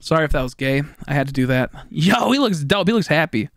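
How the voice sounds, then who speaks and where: A young man streaming a video game, chatting casually with viewers, excitable, profane and often laughing. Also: a little high, fast talker, no echo, studio quality. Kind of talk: casual gameplay stream commentary.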